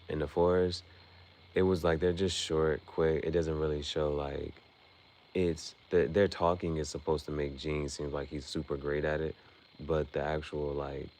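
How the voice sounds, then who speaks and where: A man's voice: rumbling low, creaky, a little mellow. A man casually recapping an anime episode on his stream, in a loose, chatty way full of fillers and restarts.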